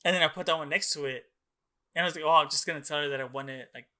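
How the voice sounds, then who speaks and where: A man's voice: on the high side, rapid-fire, bright, forceful tone. A young man co-hosting a podcast, telling a long story in casual, rambling chat, swearing often and filling his talk with "like" and "dude". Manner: rambling, profane, many "like"s and "dude"s. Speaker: podcast co-host.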